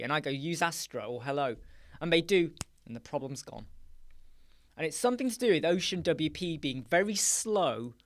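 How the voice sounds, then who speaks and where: Male host, casual live-stream chat, jokey and playful, fond of wordplay. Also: fairly high pitch. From United Kingdom. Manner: jokey, playful, riffs on words and laughs often. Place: small dark room with soundproof panels.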